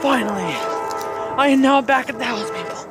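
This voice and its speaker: An out-of-breath, excitable vlogger exclaiming to viewers while walking outdoors at night, recorded on a handheld phone. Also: medium pitch, a little fast. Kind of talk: excited walking vlog commentary. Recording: loud music playing behind.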